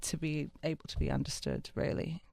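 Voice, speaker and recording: A woman from Liverpool with a mild Liverpool accent softened by an American twang, chatting playfully and laughing as a guest in a radio studio. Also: sits low, level tone, a little fast, gravelly, a crowd in the background. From Liverpool, England. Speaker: guest singer. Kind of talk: casual radio interview chat.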